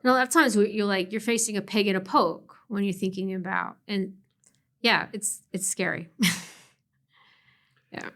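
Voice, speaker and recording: An animated woman speaking as a law professor in a conversational interview. Her voice sits at an ordinary middle pitch, and she laughs often between thoughts. She breaks off and restarts her sentences as she thinks aloud. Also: normal speed, pauses often. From family from West Virginia. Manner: animated, laughs often, frequent fillers and self-corrections.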